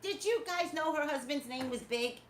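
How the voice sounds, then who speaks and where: A woman hosting a casual live-stream talk show, gossiping in an animated way and talking straight to her viewers. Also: high voice, moderate pace. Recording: echoey room with faint noise.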